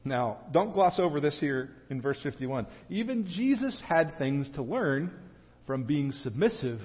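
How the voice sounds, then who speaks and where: Male pastor, fairly high voice, chatty sermon delivery with joking asides; dull lo-fi church recording. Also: very animated. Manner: conversational, with joking asides and quick restarts. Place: church sanctuary. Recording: dull lo-fi sound with a long hall reverb.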